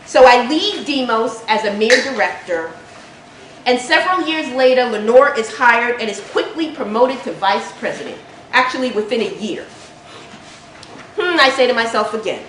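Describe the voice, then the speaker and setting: A woman's voice: a little high, lively intonation, normal speed, fairly bright tone, distant mic. A woman instructor giving a playful, teasing introduction of a guest speaker to her class. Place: college lecture room. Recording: echoey room with faint noise.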